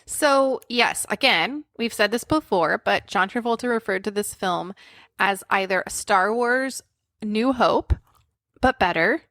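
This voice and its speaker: A woman's voice: mid-range voice, animated, fairly bright tone, no echo, studio quality. A woman co-hosting a casual movie podcast, recounting trivia in a chatty way. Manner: chatty, recounts trivia, paraphrases people in quick asides. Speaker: podcast co-host. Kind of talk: casual chat about movies.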